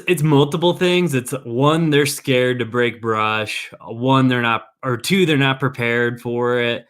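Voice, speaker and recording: Young dude chatting loosely, lots of filler words, mid-pitched voice. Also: male voice, a bit bright. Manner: rambling, heavy on fillers. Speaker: park worker telling stories. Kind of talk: casual podcast chat.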